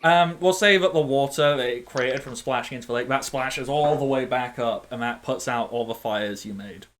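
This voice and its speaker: A man narrating as game master in a tabletop game, animated and playful, with sound effects. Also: mid-range voice, normal speed.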